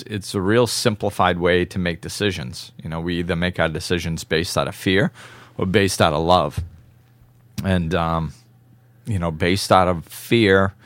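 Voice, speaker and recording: A low-voiced man hosts a casual podcast and speaks at an unhurried pace. He is from northern Massachusetts and keeps a faint New England accent. His voice is close and dry, and he laughs easily while he reflects. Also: no room sound. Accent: New England, mostly softened. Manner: laughs often, relaxed and reflective. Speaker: podcast host.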